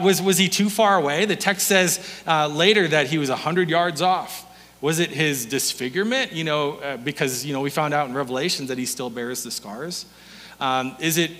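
A man's voice: a little high, sharp tone. A male pastor preaching a sermon in a church, telling stories in a playful way and chuckling between points. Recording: long hall reverb.

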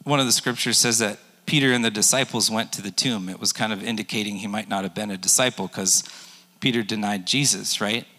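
A man's voice: fairly low pitch, a little fast, bright, forceful tone. Conversational preacher in his forties, echoing hall. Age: 40s. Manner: conversational, jokey, acts out quotes. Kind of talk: sermon. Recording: long echo of a large hall.

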